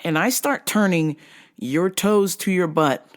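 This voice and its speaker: A podcast speaker telling a casual story with lively energy and plenty of swearing. The voice sits at a middle pitch and keeps jumping into quick impressions of the other people in the story. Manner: animated, profane, acts out the people in the story.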